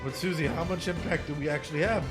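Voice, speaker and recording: Excitable man commenting on a game. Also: a little high, quick pace, loud music behind the voice. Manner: excitable, exclaiming, musing aloud. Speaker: psychologist playing a game on stream. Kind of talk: let's play commentary.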